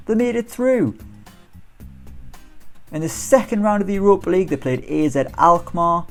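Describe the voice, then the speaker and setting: A man giving chatty, upbeat commentary on a football management game, firing off rhetorical questions. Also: fairly high pitch. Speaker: gaming YouTuber.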